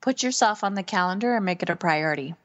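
A middle-aged woman and parenting coach chatting in an interview, animated and acting out quoted voices. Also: lowish voice, quick pace, muffled recording. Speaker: podcast host and parenting coach. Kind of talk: casual conversational interview.

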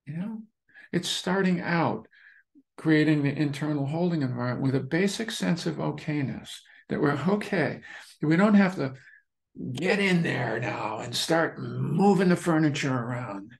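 A man teaching meditation in a relaxed, conversational way, repeating phrases and restarting as he searches for words. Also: fairly high pitch, measured pace, creaky. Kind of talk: dharma talk.

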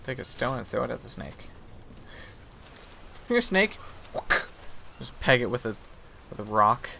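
A man's voice: mid-range voice, sing-song, measured pace, vocal fry, pushed and bright, slight background noise. A young man giving casual, self-mocking commentary as he plays a survival game. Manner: chatty, self-mocking, mock apologetic to game animals. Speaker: gaming video host.

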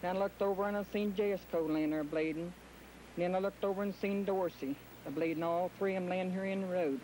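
A woman's voice: lowish voice, fairly even intonation, a little fast, warm tone, a little hiss or hum, poor audio. An older woman with an Appalachian accent giving a blunt, plain-spoken account. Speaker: interviewee. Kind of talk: plain first-person account.

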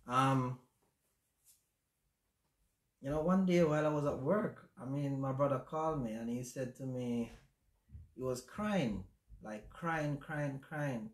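A man with a Jamaican accent hosting a casual livestream chat, speaking in a reflective, halting way with many fillers. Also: medium pitch. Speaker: channel host. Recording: roomy echo.

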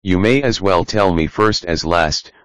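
A man's voice: low voice, unhurried, dry recording. A man reading the part of a curious, gossipy young male rabbit in a storybook. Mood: eager. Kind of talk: audiobook reading.

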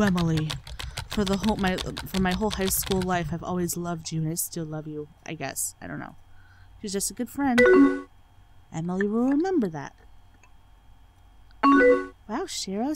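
Recorded in low quality, a woman with a mid-range voice narrates her game playthrough, reading the chat on screen aloud with plenty of sarcasm and free swearing.

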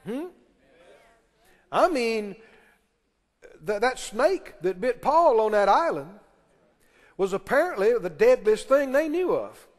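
A pastor preaching a sermon in a church, emphatic and pressing the congregation with questions and call-and-response. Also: male voice, very high-pitched, sing-song, takes it slowly, pauses often. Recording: long reverb of a large hall.

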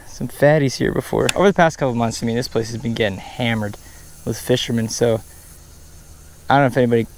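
A man casually talking through a fishing vlog outdoors at a pond, bursting into excited exclamations. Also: mid-range voice, fast, slight background noise. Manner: excitable, bursts into loud exclamations over catches. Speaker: fishing vlogger.

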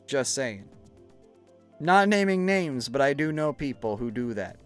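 A man's voice: mid-range voice, big pitch swings, measured pace, faint music behind. A young adult man streaming, chatting casually while gaming, rambling with lots of fillers and swearing freely.

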